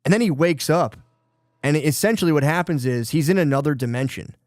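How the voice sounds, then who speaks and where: A man's voice: on the high side, expressive, brisk, a little mellow, dry recording, studio quality. A man co-hosting a podcast, casually retelling a book's plot in a rambling, profane way full of fillers and quoted lines. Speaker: podcast co-host.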